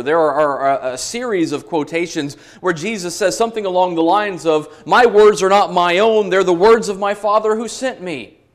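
A man preaching an expository sermon, reading scripture aloud in an earnest, emphatic way and slowing down on the quotations. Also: on the high side.

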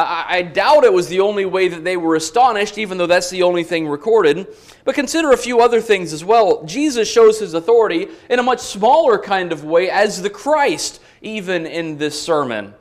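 A man preaching an expository sermon, reading scripture aloud in an earnest, emphatic way and slowing down on the quotations. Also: fairly high pitch.

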